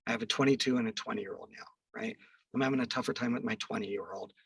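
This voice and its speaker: A middle-aged man, a podcast guest, telling a story in an animated way and acting out the quoted dialogue. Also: lowish voice, fast, creaky, slightly rough, dry recording, far from the mic, poor audio.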